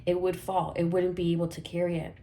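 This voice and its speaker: Woman doing a tarot reading, low mellow voice, kinda flat and steady, chatty and reassuring, lots of ums. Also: fast talker, slight background noise. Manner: chatty, reassuring, self-correcting with fillers and small laughs. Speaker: tarot reader. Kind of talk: casual tarot reading to viewers.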